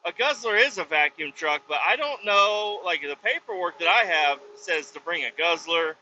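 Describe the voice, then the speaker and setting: A man casually telling a profane, animated story from inside his pickup truck with the windows down, recorded on a phone. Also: sits high, moderate pace. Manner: profane, animated, acts out voices in retelling. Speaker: vlogger and truck driver. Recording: slightly dull lo-fi audio, faint road noise.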